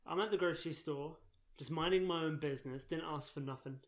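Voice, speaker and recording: A man's voice: a little high, fairly quick. A man co-hosting a podcast, telling stories in a dry, joking way in casual chat. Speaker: podcast co-host.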